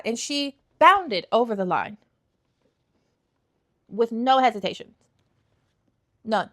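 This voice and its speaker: A woman's voice: high voice, very animated, slow pace, long pauses. A young woman chatting casually about books she reviews, sassy and emphatic, often repeating lines for effect. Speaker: book reviewer. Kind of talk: casual vlog chat.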